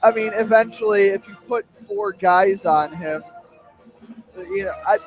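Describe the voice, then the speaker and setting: A man's voice: sits high, unhurried, dull audio, faint music behind. A young man giving laid-back, hedging color commentary with casual fillers on a college radio sports show.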